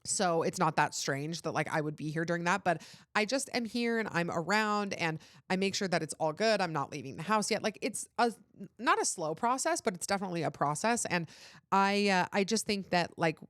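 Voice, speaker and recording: A woman's voice: lowish voice, lively intonation, fairly quick, fairly bright tone, no echo, clean studio sound. A woman hosting a podcast, talking in a candid, rambling casual chat with lots of "like.". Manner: candid, rambling, heavy use of "like". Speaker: podcast host.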